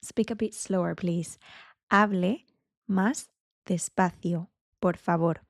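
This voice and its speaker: A woman teaching beginner Spanish, saying each phrase slowly and carefully and repeating it as a drill. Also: fairly low pitch, fairly even intonation, creaky, no room sound, studio quality. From Spain. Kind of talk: beginner language lesson.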